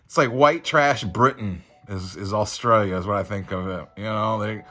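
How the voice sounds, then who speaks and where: A man's voice: on the low side, moderate pace, few pauses, bright, forceful tone. A man casually reviewing a comic book, rambling and laid-back with lots of fillers.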